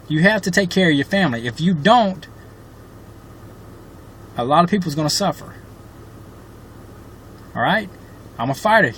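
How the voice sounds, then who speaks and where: A man's voice: a little high, fairly bright tone. Middle aged guy venting on his vlog, worked up, lots of ums, bit of car noise in the back. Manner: impassioned, frustrated, often pausing on fillers. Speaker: vlogger advocating for his mother. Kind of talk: direct-to-camera personal vlog.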